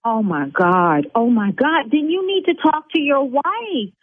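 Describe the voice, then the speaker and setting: A woman who owns a beauty salon, arguing with a caller over the phone, indignant and blunt and quick to flare up. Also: high voice, animated, slightly rough, dry recording. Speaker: salon owner on a phone call. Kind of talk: heated phone argument. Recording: tinny phone line.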